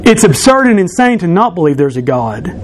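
A man's voice: high-pitched, big pitch swings, a little fast, a little hiss or hum. A man in his thirties, a pastor preaching in a church, teasing and bantering with his congregation during an object lesson. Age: 30s.

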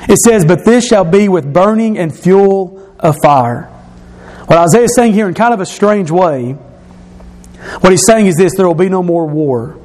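High-voiced man preaching a sermon. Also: a little mellow. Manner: explains scripture verse by verse, repeats key phrases; slows and drops his voice for emphasis.

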